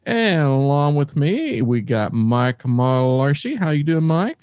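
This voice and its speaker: A man's voice: fairly high pitch, big pitch swings, takes it slowly, a little mellow, no echo. A man hosting a podcast in a casual, playful way, chatting and joking with his co-hosts. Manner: playful, jokes around with co-hosts. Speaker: podcast host.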